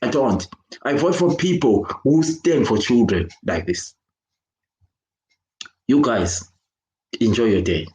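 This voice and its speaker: A man's voice: medium pitch, lively intonation, takes it slowly, long pauses, a little mellow, a little hiss or hum. Angry Zimbabwean man in an echoey room. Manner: angry, emphatic, repetitive, switching between English and Shona. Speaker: children's worker speaking out. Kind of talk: impassioned video rant.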